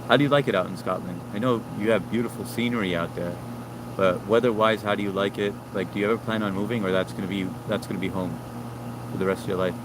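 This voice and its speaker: A man's voice: on the low side, steady tone, fast talker, noisy background. A man hosting a casual live stream outdoors, reading viewer comments aloud and chatting in a laid-back way. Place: outdoors near a yard with brush.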